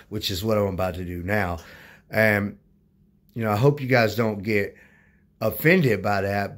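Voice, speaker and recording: Male vlogger, mid-range voice, rambling, insistent, stops and restarts often. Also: mid-range voice. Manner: rambling, many fillers and restarts; insistent, corrects viewers. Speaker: YouTuber. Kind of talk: casual talk to camera.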